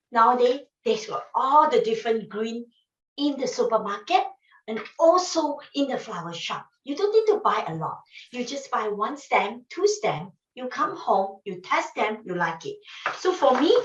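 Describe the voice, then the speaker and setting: A woman teaching flower arranging in a casual demonstration, talking emphatically and repeating her phrases in non-standard English. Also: on the high side. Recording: echoey room, distant mic, dull sound.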